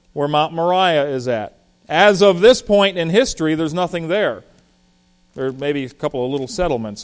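A man teaching through a Bible passage verse by verse in a conversational, animated way, with frequent fillers and restarts. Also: mid-range voice, clean tone. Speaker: pastor.

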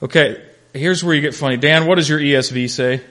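Teaching a Bible class briskly, a man with a somewhat high voice keeps things conversational, animating his stories and naming class members as he calls on them.

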